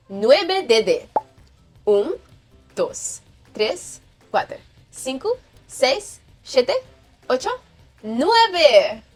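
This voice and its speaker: A woman teaching young children to count, cheerfully praising them and asking them to repeat after her. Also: high-pitched. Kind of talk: kids' counting lesson.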